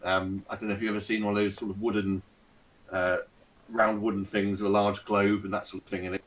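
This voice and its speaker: A man's voice: lowish voice, flat delivery, a little fast, poor audio. A man narrating a tabletop game as dungeon master, rambling with fillers and hedges.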